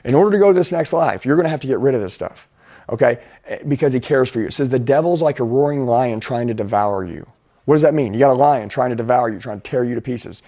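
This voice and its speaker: A man's voice: mid-range voice, expressive, fast talker, warm tone. A middle-aged man giving an intense, emphatic motivational talk as a sales and life coach. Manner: intense, emphatic preaching delivery.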